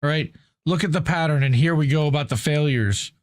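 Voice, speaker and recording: Brief: male host, higher-pitched voice, casual profane commentary, reads then riffs, dry close mic. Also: brisk, dry recording. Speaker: news show host. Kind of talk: casual commentary reading and reacting to an article.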